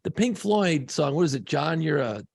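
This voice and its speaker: A man in his fifties co-hosting a podcast in casual chat, animated and joking, swearing freely. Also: fairly high pitch, moderate pace, gravelly, slightly rough, dry recording, clean studio sound. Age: 50s. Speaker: podcast co-host.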